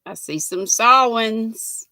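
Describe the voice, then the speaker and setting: A woman's voice: fairly high pitch, expressive, takes it slowly, pushed and bright, no echo. An older woman hosting a casual livestream, chatting with viewers by name and reading trivia aloud. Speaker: livestream host.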